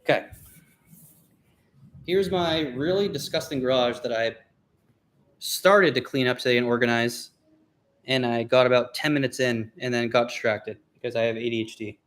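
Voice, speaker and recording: A young man chats loosely on a livestream, easygoing and a bit scattered as he wanders from topic to topic. His voice sits in an ordinary middle pitch. He is recorded on a phone or camera he carries around a home garage. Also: moderate pace, long pauses, a bit bright. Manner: rambling, easygoing, talks to viewers and pets. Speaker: car vlogger hosting a livestream. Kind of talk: casual livestream chat.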